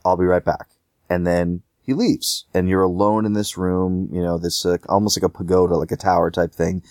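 A man's voice: low-pitched, steady tone, brisk, darkish tone, no echo, studio quality. A man co-hosting a casual gaming podcast, rambling with lots of fillers and restarts.

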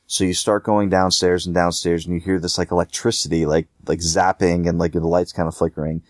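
Deep-voiced man chatting casually about games. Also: flat delivery, fairly quick, dry recording, studio quality. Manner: rambling, many fillers and restarts. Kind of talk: casual gaming discussion.

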